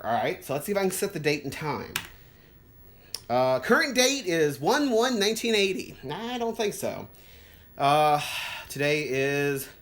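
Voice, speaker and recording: Middle-aged tech hobbyist vlogger, animated rise and fall, giddy thinking-aloud delivery. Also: medium pitch. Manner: excitable, thinks aloud, stumbles over words. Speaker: retro computer vlogger. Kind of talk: casual unboxing and setup commentary.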